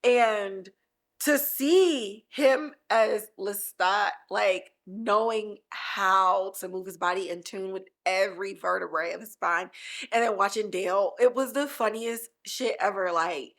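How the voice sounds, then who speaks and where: A woman's voice: medium pitch, slow pace, a bit bright. A woman hosting a casual TV recap podcast, teary and gushing, often laughing as she talks. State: teary, close to crying. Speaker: podcast host.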